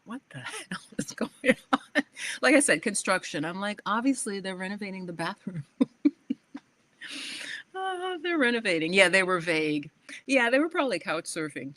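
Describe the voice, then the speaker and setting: A woman's voice: fairly low pitch, dry recording. Chatty New woman telling travel stories. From New York. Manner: animated storyteller, acts out quoted exchanges, frequent "like" and laughs. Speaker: livestream host. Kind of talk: casual chat to viewers.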